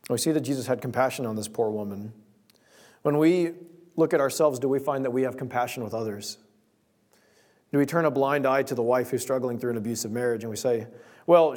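A man's voice: mid-range voice, darkish tone. A young man preaching a sermon, earnest, reading scripture and telling a personal story.

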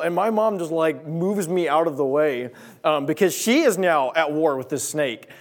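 Young guy preaching, lively storyteller, kinda high voice, does little voices and sound effects. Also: normal speed. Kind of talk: sermon storytelling.

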